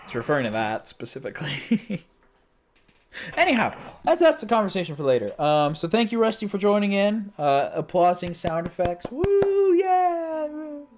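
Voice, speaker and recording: A man's voice: high-pitched, sing-song, moderate pace, noisy background. A man hosting a livestream, chatting casually and rambling with frequent restarts and laughs. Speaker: streamer host.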